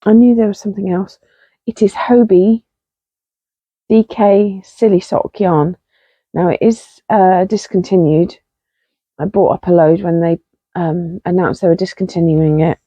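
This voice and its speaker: Woman, casual knitting chat, mellow husky voice, dry muffled recording. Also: on the low side, fairly even intonation, unhurried, dry recording. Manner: chatty, self-deprecating, rambling with fillers. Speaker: podcast host.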